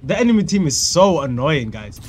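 A young man giving live gameplay commentary, excitable and crude, trash-talking opponents and shouting at kills. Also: a little high, fairly quick. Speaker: gaming YouTuber. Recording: faint music and gunfire behind. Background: game music and gunfire.

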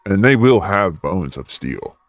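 Man doing a vengeful ghost voice, cold, slow, menacing, low and swooping, dry sound. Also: very animated, dry recording, faint music behind. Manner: slow, menacing, theatrical delivery. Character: vengeful ghostly male spirit, cold and threatening.

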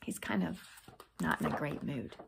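A woman reading a children's picture book aloud, expressive and pointing out the pictures. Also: deep voice, normal speed, gravelly, a little hiss or hum. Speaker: storybook reader.

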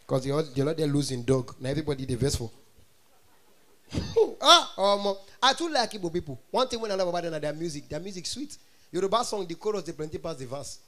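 A Nigerian-accented male comedian tells stories on stage in an animated way, often breaking into mock singing. His voice sits high for a man. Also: a little fast. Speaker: stand-up comedian. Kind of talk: stand-up comedy in Pidgin.

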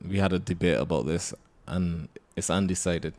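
A young man from Barbados with a Barbadian accent, a comedian guest who speaks softly and hesitantly in a laid-back way. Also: deep voice, normal speed. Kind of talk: casual interview chat.

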